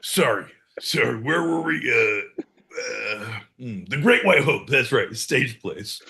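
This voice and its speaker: A man's voice: mid-range voice, animated, takes it slowly, gravelly, pushed and bright, slight background noise. A man co-hosting a podcast in rowdy, profane casual chat, breaking into mock-announcer bits. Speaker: podcast co-host.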